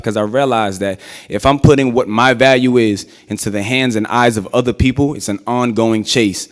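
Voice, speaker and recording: A young adult man performing spoken word live in a church, moving from conversational storytelling into chanted, shouted verse. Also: medium pitch. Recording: echoey church hall.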